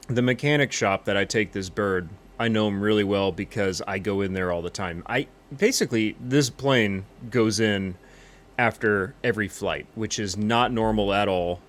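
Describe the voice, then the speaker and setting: A man with a lowish voice rambling through an improvised comedy monologue as a pilot. He tells his story in a cocky, boastful, meandering way, full of bravado. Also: normal speed. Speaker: comedic pilot character in a flight game stream.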